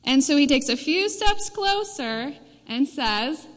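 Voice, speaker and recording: A woman's voice: high-pitched, expressive, takes it slowly. A woman preaching a sermon in a church, telling a story in a conversational way. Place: church sanctuary. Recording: reverberant church hall.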